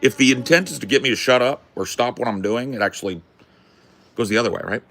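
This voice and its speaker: A man hosting a podcast, telling a rambling story in a casual, profane, animated way. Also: medium pitch, fast talker. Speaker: podcast host.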